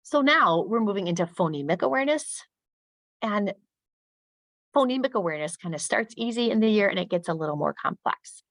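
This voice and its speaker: A middle-aged woman giving a professional development talk to teachers, modeling speech sounds slowly and crisply and lifting her voice when she plays a teacher asking pupils. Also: mid-range voice, expressive, a bit bright, no echo. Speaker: teacher trainer.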